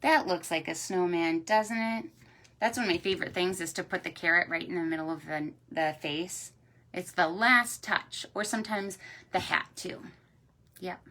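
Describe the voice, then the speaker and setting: A young woman, a children's librarian, reading a picture book aloud to preschoolers in a slow, animated, sing-song way. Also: fairly low pitch.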